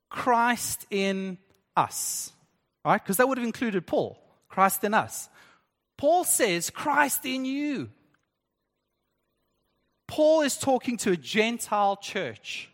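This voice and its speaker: High-voiced pastor in a reverberant church. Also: male voice, sing-song, measured pace. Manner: conversational, engaging the congregation with questions. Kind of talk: sermon. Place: church hall.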